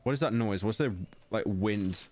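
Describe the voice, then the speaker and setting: A man's voice: fairly low pitch, normal speed, darkish tone. A young British man streaming a game, talking casually to his chat with sarcasm and frequent swearing. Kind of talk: casual gaming commentary.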